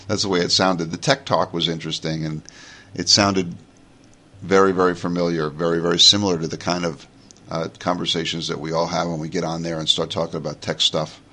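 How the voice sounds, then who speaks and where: Man, 40s, New York accent, very deep voice, bright forceful tone, chatty rambling podcast host. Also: vocal fry. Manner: rambling and chatty, with many fillers and restarts. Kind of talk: casual podcast monologue.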